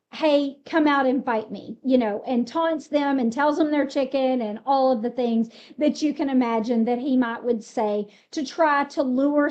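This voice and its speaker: A woman's voice: high-pitched, warm tone. A woman casually retelling a Bible story, explaining it in a conversational way with fillers. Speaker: Bible teacher. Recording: slightly muffled recording.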